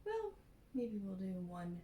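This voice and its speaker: A woman co-hosting a casual podcast, joking, swearing lightly and laughing loudly. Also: mid-range voice, sing-song, slow, reverberant, a little hiss or hum. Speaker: podcast co-host. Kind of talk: casual chat.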